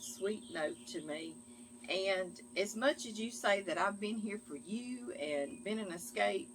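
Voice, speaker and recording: A middle-aged woman with a bright, forward voice. She chats casually and affectionately as she reads mail from viewers, drawing out her words. Faint ambient noise sits behind her. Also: mid-range voice. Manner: chatty and affectionate, often calls listeners "girl" and "y'all". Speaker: cooking channel host.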